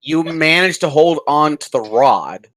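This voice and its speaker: A man running a tabletop game as dungeon master, calmly narrating and asking for rolls. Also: a little high, a little slow, slight background noise. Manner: casual, steady narration with game rulings.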